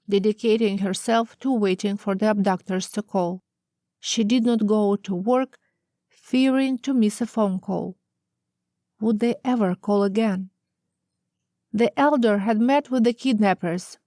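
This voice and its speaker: Woman reading her own memoir, slow and emotional, bit high voice, dry close mic. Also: darkish tone, no echo. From Russia. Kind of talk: audiobook narration.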